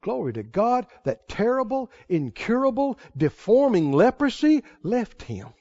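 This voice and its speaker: A man's voice: very high-pitched, highs cut off. A male preacher delivering a fervent sermon, calling out to the congregation and stressing his points.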